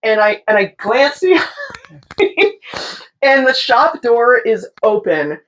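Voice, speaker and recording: Animated woman telling a wild story. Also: a little high, slow, a little hiss or hum, low-quality recording. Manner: animated, swearing, mimics voices in her stories. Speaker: guest tattoo artist. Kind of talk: casual storytelling.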